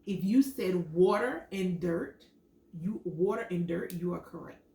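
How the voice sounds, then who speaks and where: A woman's voice: lowish voice, a little slow. A woman teacher reading a picture book aloud to young children, acting out the sound words and stopping to quiz them. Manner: expressive storytelling, acts out sound words and quizzes children. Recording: echoey room, mic at a distance.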